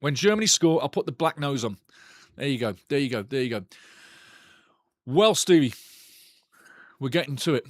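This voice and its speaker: A man's voice: mid-range voice, animated, normal speed, pauses often, dry recording, clean studio sound. A man hosting a live football watchalong, chatting with viewers, reading their comments aloud and giving blunt, outspoken opinions while repeating himself often. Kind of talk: live stream chat and football talk. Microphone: desk microphone.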